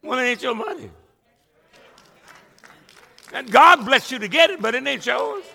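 A man's voice: very high-pitched, lively intonation, measured pace, creaky, bright, forceful tone, long reverb tail. A male pastor preaching a sermon to his church, emphatic and conversational, often stumbling and restarting words. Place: church sanctuary with a congregation.

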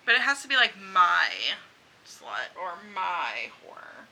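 Podcast co-host, woman, crisp bright tone, dry quips. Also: lowish voice, sing-song, slow pace, poor audio. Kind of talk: casual chat.

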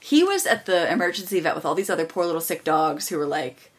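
A woman co-hosting a casual podcast, chatty and expressive, speaking directly to listeners. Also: sits low, quick pace. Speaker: podcast co-host. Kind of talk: casual chat.

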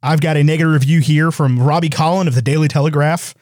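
A man's voice: on the high side, no echo, clean studio sound. A man co-hosting a podcast, chatting casually and sarcastically about a film and laughing often. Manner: sarcastic, animated, quick to laugh. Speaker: podcast co-host. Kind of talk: casual film review chat.

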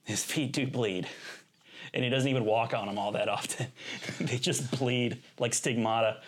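A man's voice: medium pitch, moderate pace. A man co-hosting a podcast in casual comedic chat, swearing freely and laughing often. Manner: animated, profane, laughs often. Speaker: podcast co-host.

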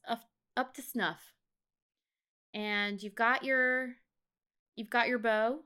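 A woman host leading a guided mindfulness meditation in a soft, slow voice. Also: a little high, clean tone. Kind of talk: casual chat then guided meditation.

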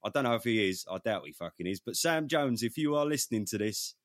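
A man's voice: medium pitch, lively intonation, fast talker, a bit bright, no echo, clean studio sound. A man hosting a podcast in casual chat, swearing freely as he wraps up the episode. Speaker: podcast host.

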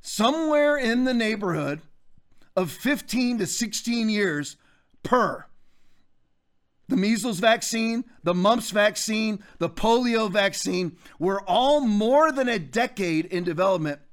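Man in his fifties, show host, fairly high voice, forceful ranting commentary. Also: lively intonation, slow pace. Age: 50s. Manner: emphatic, ranting, addresses listeners directly. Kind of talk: political commentary monologue.

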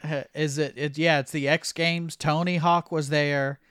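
A man hosting a podcast with a slightly high voice, speaking in relaxed chat with dry wisecracking asides. The sound is close and dry, with no room echo. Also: measured pace, clean tone. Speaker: podcast host. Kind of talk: casual chat.

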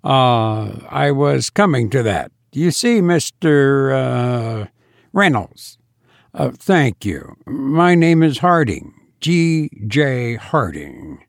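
A man's voice: mid-range voice, very animated, creaky, dry recording, studio quality, heavily acted. A man reading aloud, voicing a suave, polite, sinister undertaker in a storybook reading. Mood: suave, pleasant. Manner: suave, pleasant, measured.

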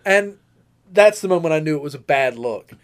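Man, 30s, high-pitched, podcast co-host, animated casual storytelling. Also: normal speed, clean tone.

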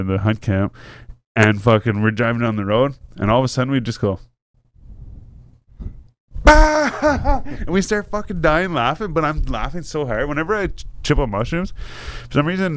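Dude telling a wild story, keeps cracking up, swears a lot, dry close sound. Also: male voice, mid-range voice, no echo. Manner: animated storyteller, laughs a lot, swears freely. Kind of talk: casual chat.

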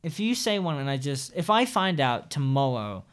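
A man's voice: a little high, very animated, normal speed, clean tone. A tired man chatting casually, rambling and restarting his sentences often. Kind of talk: casual chat.

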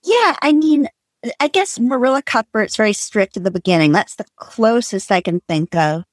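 A woman's voice: a little high, animated, normal speed, dry recording. A woman co-hosting a book discussion who talks in a thoughtful way with many hedging asides.

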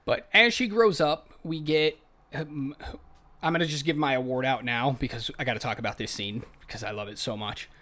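A man co-hosting a casual podcast chat about films, retelling scenes in an animated, rambling way. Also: mid-range voice, brisk. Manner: animated storytelling, rambling asides. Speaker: podcast co-host reviewing films.

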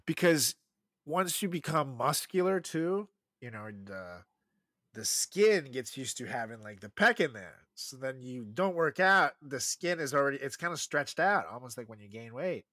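A young man co-hosting a podcast, chatting casually and crudely, laughing often and swearing as his voice swings from loud to soft. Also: mid-range voice, big pitch swings, moderate pace, no room sound. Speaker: podcast co-host.

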